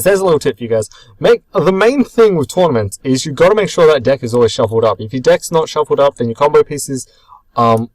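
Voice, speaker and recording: A young man casually narrating his own card game match, chatty and rambling, often pausing to correct himself. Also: mid-range voice, no echo, poor audio. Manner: chatty, rambling, self-correcting with many ums. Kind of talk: casual commentary over match footage.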